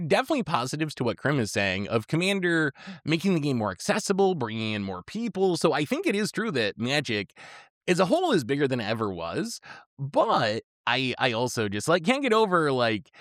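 Man on a podcast, careful and hedgy, lively pitch, dry sound. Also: no room sound. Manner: measured, hedging, laughs easily. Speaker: podcast co-host. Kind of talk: casual podcast chat.

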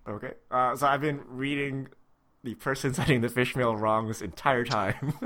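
A man hosting a casual podcast, reading out listener questions in a relaxed way and stumbling over names. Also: medium pitch, normal speed.

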